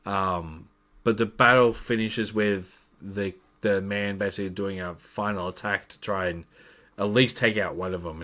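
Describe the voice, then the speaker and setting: Rambling low-voiced man recapping a game. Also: bright, forceful tone. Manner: rambling, with many fillers. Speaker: game master. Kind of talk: casual recap of a tabletop campaign.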